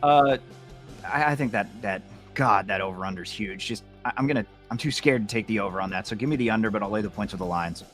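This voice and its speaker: A man with a lowish voice co-hosts a casual football chat, stumbling and repeating himself before he commits to a pick. He speaks over a video call, with faint music behind him. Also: fast, fairly bright tone. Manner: hesitant, repeats words before settling on a pick. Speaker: co-host giving picks. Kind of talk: casual sports picks chat.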